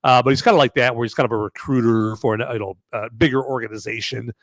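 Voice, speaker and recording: A man's voice: mid-range voice, steady tone, fast, no room sound. A man hosting a live-stream movie review podcast, talking casually and rambling with lots of fillers and restarts. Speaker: podcast host.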